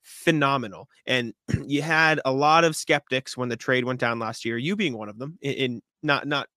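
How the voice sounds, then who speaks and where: A man with a mid-pitched voice co-hosting a sports podcast in loose, rambling chat. He stumbles over repeated words and keeps clearing his throat. The sound is close and dry, with no room echo. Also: moderate pace, bright, forceful tone.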